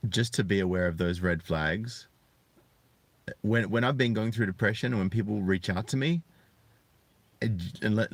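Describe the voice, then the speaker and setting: Low, dry-sounding man in his thirties, a reflective live-stream host. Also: no room sound. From Australia. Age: 30s. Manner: earnest, reflective, halting. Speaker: channel host. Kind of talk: live-streamed personal talk.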